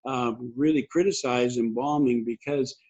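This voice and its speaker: An older man giving a conversational sermon, husky, rambling and restarting often. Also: medium pitch, fairly even intonation, normal speed, a little mellow. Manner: rambling, many restarts and fillers. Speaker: pastor. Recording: dull lo-fi recording.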